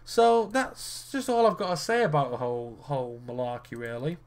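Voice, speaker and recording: Excitable, sweary young man ranting while gaming. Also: a little high, normal speed. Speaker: gaming video creator. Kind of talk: casual commentary while playing a card game.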